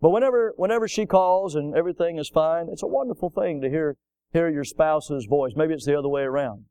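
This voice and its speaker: A middle-aged man preaching a sermon as pastor. He talks emphatically, rising to loud peaks, and slips into folksy stories that he tells to the congregation. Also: on the high side, a little fast, clean tone, dry recording. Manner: folksy storytelling asides.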